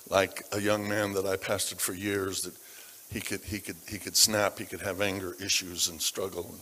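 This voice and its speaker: A man preaching a sermon, telling stories about people from his congregation, dropping to a hush and then rising to loud emphasis. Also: low-pitched, flat delivery, moderate pace. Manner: dramatic shifts between hushed and loud. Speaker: pastor. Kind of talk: sermon storytelling. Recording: long reverb of a large hall.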